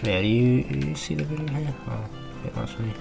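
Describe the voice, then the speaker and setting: A man's voice: mid-range voice, a little fast. A man giving casual gameplay commentary, swearing freely and chatting to his in-game pet. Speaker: gamer. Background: clear background music.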